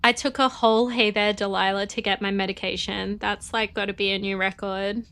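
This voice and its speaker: A woman's voice: medium pitch, little pitch movement, brisk, a bit bright. A young woman streaming a game and chatting with her viewers, with a stuffy, sniffly nose and a bubbly, chatty manner. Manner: chatty, bubbly, talks to chat. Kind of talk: casual live-stream chat.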